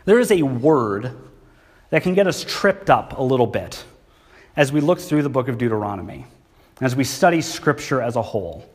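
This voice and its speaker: A man's voice: medium pitch, lively intonation, fairly quick, husky. A man, preaching a sermon in a church and talking conversationally with the congregation. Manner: conversational, asks the congregation questions. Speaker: pastor. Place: church hall.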